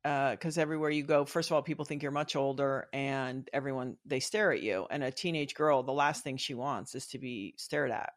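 A woman's voice: a bass voice, a little fast, few pauses. A middle-aged woman speaking as a guest in a casual interview, reflective and earnest, often restarting her sentences.

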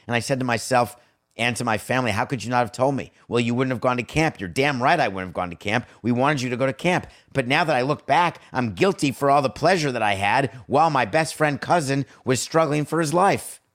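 A man's voice: mid-range voice, a bit bright. A middle-aged man hosting a sports podcast, talking bluntly and conversationally with strong opinions. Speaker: podcast host. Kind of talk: solo sports talk podcast.

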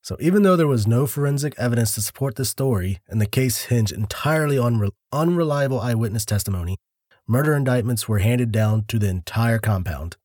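Husky mellow man narrating a case. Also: medium pitch, expressive, a little fast, no echo, clean studio sound. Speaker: podcast co-host. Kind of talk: casual true-crime podcast narration.

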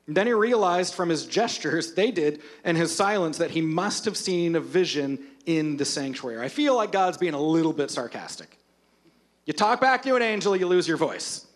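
High-voiced animated male preacher. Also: normal speed. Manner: animated, humorous storytelling of scripture. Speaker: pastor. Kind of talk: sermon.

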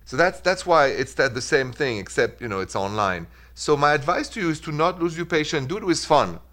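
A middle-aged man with a French accent, hosting a call-in radio dating advice show in a lively, chatty way, dropping in French phrases. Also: on the high side, fairly quick. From France.

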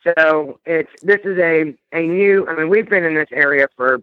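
A woman's voice: deep voice, moderate pace, no room sound, highs cut off. Earnest woman guest. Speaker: guest, rescue organizer. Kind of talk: interview answers.

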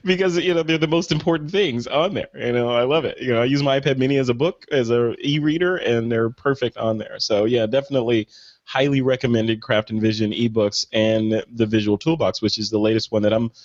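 A man's voice: mid-range voice, fairly even intonation, fairly quick, no room sound. An enthusiastic American man hosts a podcast, keeping things moving with upbeat affirmations. His mid-range voice comes through bone-dry and slightly muffled. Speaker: podcast host. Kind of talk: casual podcast hosting.

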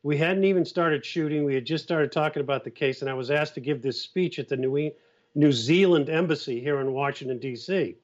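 A man tells stories in an easy, relaxed way as a podcast guest, with plenty of fillers. The audio is dull and lo-fi. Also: a little high, brisk. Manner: relaxed storyteller, many fillers. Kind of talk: casual podcast chat.

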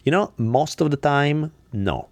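A man's voice: on the high side, lively intonation, measured pace, no room sound. A man hosting a podcast, telling a story in a blunt, casual, profane way. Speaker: podcast host. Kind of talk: casual chat.

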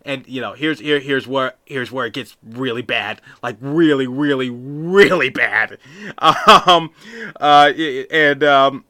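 A man's voice: mid-range voice, takes it slowly, pushed and bright. A man hosting a podcast, telling a story in a casual, rambling way with many restarts and asides. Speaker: podcast host.

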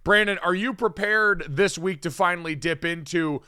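A young man co-hosting a casual sports talk show, quick and teasing. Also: high voice, bright, forceful tone, clear, resonant tone, no room sound, clean studio sound. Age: young adult. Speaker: co-host.

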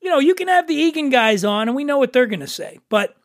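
High-voiced joking podcast host. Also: male voice, very animated, fast talker, dry recording, studio quality. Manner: joking, teasing. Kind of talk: casual chat.

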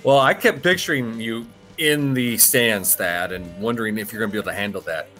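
A man joins a casual sports podcast with upbeat, teasing remarks. His voice is bright and forward. Faint music plays softly beneath. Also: lowish voice, brisk. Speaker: podcast co-host.

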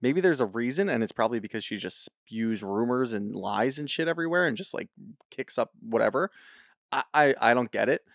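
A man's voice: mid-range voice, lively intonation, a little fast, fairly bright tone, no room sound, studio quality. A man co-hosting a podcast, bluntly and profanely riffing on reality TV in casual chat. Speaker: podcast co-host.

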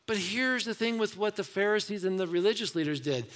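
A man's voice: high voice, expressive, a little fast, few pauses. Man preaching in a reverberant church. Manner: conversational preaching, acts out quoted voices, drops to soft asides. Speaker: pastor. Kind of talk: sermon.

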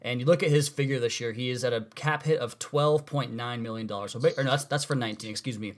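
Male podcast host, rapid casual delivery, chatty sports talk. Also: medium pitch. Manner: fast, conversational, self-correcting.

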